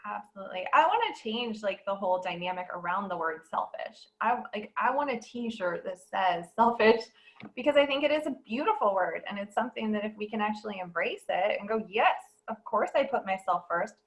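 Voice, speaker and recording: A woman speaking as a guest in a casual podcast conversation, bubbly and quick to laugh. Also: mid-range voice, lively intonation, poor audio.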